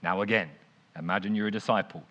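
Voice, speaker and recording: A young man preaching casually, retelling a story in an animated, conversational way with lots of "like". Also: lowish voice, fast talker, lo-fi sound. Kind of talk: informal sermon storytelling.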